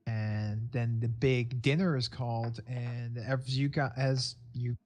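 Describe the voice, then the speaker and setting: A man's voice: medium pitch, steady tone, slow pace, a little mellow. A young man narrating a tabletop game as game master, rambling and laughing often.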